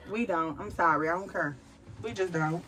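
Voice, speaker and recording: A pregnant woman and mother of a big family, talking to camera about faith in an emphatic, animated, storytelling way. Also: fairly low pitch, moderate pace, soft background music. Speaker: vlogger, mother of a large family. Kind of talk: candid faith-filled personal talk to camera.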